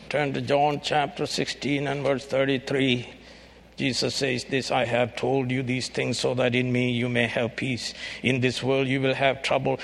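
A man preaching a sermon, emphatic and rising to shouts on key phrases. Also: mid-range voice, level tone, normal speed, vocal fry.

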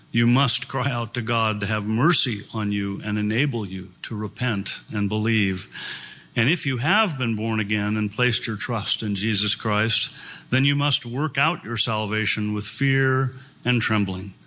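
A man's voice: fairly low pitch, sharp tone. A man preaching a sermon, reading scripture aloud and speaking in an earnest, emphatic way.

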